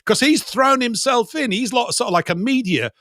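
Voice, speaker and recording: A man chatting as a guest, enthusiastic and animated as he tells a story. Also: extremely high pitch, normal speed, dry recording, clean studio sound. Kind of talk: casual chat.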